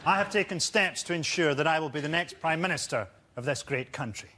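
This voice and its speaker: A man's voice: fairly high pitch, animated, brisk, pushed and bright, slight background noise. A man playing a pompous male politician making a solemn speech.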